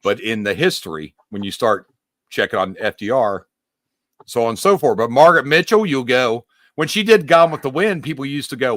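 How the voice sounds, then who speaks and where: A man's voice: medium pitch, lively intonation, moderate pace, fairly bright tone, no room sound, studio quality. A man on a podcast, explaining puzzle clues in emphatic, rambling casual chat with the odd mild curse. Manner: emphatic, rambling, mildly profane. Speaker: podcast co-host.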